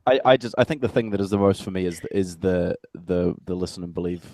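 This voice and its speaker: A man chatting as a guest on a livestream, blunt and halting with stammered restarts. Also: low voice, warm tone, no room sound. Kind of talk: casual livestream chat.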